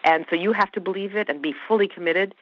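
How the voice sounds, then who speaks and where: In an interview about her acting career, a woman with a mid-range voice talks fast, emphatic and animated, and keeps restarting sentences. There's no echo, just a dull, lo-fi quality.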